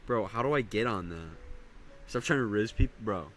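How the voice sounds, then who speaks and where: A young man streaming casually, rambling in slang and breaking into loud high yells. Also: animated, normal speed. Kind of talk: casual live-stream chat.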